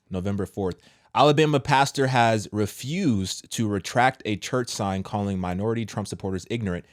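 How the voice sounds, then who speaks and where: A man's voice: no room sound, clean studio sound. A man co-hosting a commentary show, reacting briefly and reading a news article aloud. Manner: short low-key reactions. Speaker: co-host.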